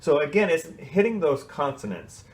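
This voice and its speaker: A man teaching a children's choir, explaining solos in a relaxed, chatty way and singing short snippets to show how they go. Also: on the high side, moderate pace. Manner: casual, explanatory, sings short snatches to demonstrate. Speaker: music teacher. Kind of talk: coaching a kids' choir on song solos.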